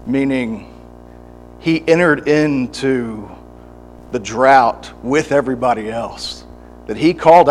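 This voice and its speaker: A man preaching a sermon, often restarting his words, moving from quiet reflection to fervent, pleading prayer. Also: mid-range voice, a little hiss or hum. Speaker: pastor. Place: church service.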